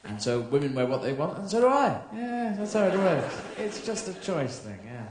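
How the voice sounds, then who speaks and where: Rambling surreal British comedian on stage. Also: male voice, high voice, big pitch swings, moderate pace, noisy background. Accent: British English. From Britain. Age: 30s. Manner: rambling surreal storytelling, swearing, slipping into silly voices. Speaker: stand-up comedian. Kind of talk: live stand-up comedy. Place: theatre stage before a live audience. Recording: echoey theatre with loud audience laughter.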